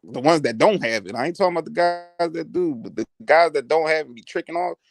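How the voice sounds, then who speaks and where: A man's voice: fairly high pitch, fast, gravelly, soft background music. A man hosting a casual live chat, brash and boastful, laughing often.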